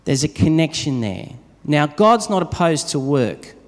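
A man's voice: on the high side, big pitch swings, unhurried. Preaching man in an echoey hall. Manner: conversational preaching with everyday stories. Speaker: pastor. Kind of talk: sermon. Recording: long reverb of a large hall.

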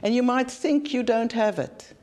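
A woman's voice: a little high, normal speed, darkish tone. South African woman, conference preacher; earnest, blunt, repeats lines for emphasis. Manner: earnest, plain-spoken preaching with repetition. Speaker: conference speaker. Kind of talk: sermon.

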